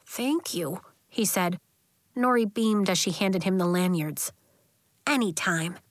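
Gentle woman reading a children's book. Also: mid-range voice, no room sound, clean studio sound. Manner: gentle, even storytelling with voiced characters. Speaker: audiobook narrator. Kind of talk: audiobook reading of a children's novel.

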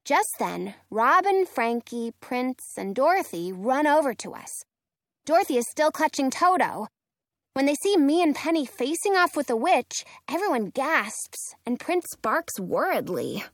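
A woman narrating a children's storybook aloud with expressive, animated delivery. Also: high voice, unhurried, no room sound, clean studio sound.

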